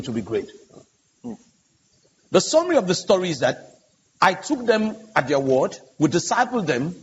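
The recording, made in a large conference hall, is dull, echoey, and hissy. On a panel there, a male pastor earnestly and emphatically tells a story and performs its dialogue, his voice on the high side and husky.

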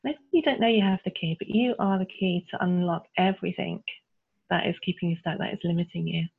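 A woman, a guest coach who tells stories with frequent laughter and leads clearing statements in a conversational interview. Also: lowish voice, brisk. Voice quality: laughs often, animated storytelling. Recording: tinny phone-like line.

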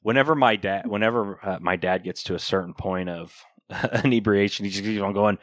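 A man with a deep, low voice, co-hosting a casual podcast. He tells his stories in an easygoing way and acts out what other people said. The sound is close and dry, with no room around it. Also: a little fast, fairly bright tone, no echo. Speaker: podcast co-host.

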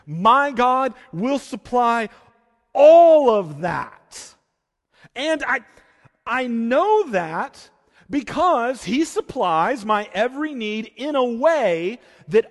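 A man preaching a sermon as pastor, swinging between emphatic peaks and hushed, intense stretches. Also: high-pitched, long reverb tail.

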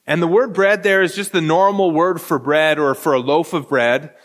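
A man's voice: on the high side, fairly even intonation, moderate pace, fairly bright tone, long reverb tail. A man preaching a sermon as pastor, earnest and repetitive, often restarting his phrases.

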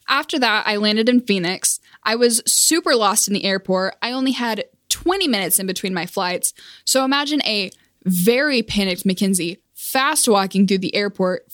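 A woman's voice: medium pitch, fairly bright tone, no echo, studio quality. A young woman telling a casual storytime monologue as a vlogger, self-deprecating and awkward, laughing at herself.

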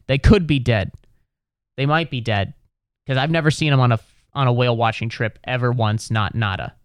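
A man's voice: medium pitch, expressive, normal speed, clean tone, no echo, clean studio sound. A man doing a rambling, exasperated stand-up routine, swearing freely. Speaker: comedian. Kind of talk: stand-up comedy monologue.

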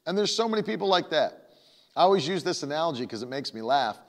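Fairly high-voiced man preaching in reverb. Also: very animated, brisk, gravelly. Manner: emphatic, repetitive, conversational preaching. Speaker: pastor. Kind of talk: sermon. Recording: long reverb.

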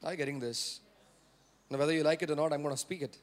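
A man's voice: fairly high pitch, fairly even intonation, quick pace. A male pastor preaching a sermon, repeating key phrases for emphasis and prompting the congregation to answer.

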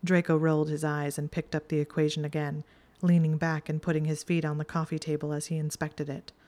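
A woman with a low voice narrates a story in an even, steady way. She reads it aloud like an audiobook. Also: fairly quick. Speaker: reader. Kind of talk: fan fiction audiobook narration.

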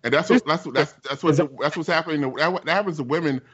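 A man's voice: a little high, quick pace, a bit bright, breathy edge, muffled recording. Man rambling emphatically, with many restarts. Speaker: podcast co-host. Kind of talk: casual group chat.

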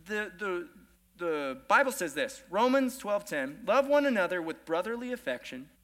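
A young man preaching a lively sermon to a church congregation, joking and self-deprecating between scripture readings. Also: fairly high pitch. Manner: playful, self-deprecating humor with rising excitement. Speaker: guest preacher. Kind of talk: energetic sermon.

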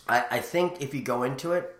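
A man's voice: mid-range voice, fairly quick, echoey room. A man chatting casually as a guest, telling rambling stories full of restarts. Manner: rambling, animated storyteller with many restarts. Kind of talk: casual chat.

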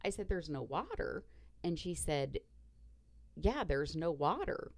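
Woman, low voice, lively pitch, profane storyteller, dry close sound. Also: slow pace, vocal fry, dry recording. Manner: blunt, profane, animated retelling with quoted dialogue. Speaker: podcast host. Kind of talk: casual storytelling.

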